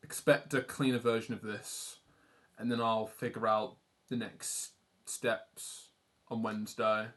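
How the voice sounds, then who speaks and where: A man's voice: lowish voice, flat delivery, measured pace, fairly bright tone. Rambling young Englishman chatting while drawing. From England. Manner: rambling, self-deprecating, casually swearing. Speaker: art streamer. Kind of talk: casual livestream chat while drawing.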